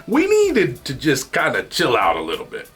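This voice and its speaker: A man's voice: medium pitch, wildly swooping pitch, moderate pace, fairly bright tone, breathy edge. A young man hosting a podcast in a casual chat, playful and jokey, often laughing. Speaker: podcast host.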